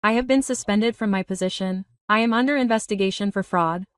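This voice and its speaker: A woman's voice: mid-range voice, a little fast, no echo, studio quality, recorded from a distance, close to an everyday voice. A woman voicing a desperate, remorseful grown son who confesses his ruin in a broken, pleading way. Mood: despairing.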